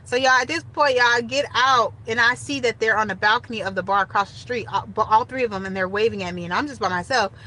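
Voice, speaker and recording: A young woman casually telling a story straight to her viewers, animated and chatty. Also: on the high side, quick pace, hardly any pauses, poor audio. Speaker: storytime vlogger.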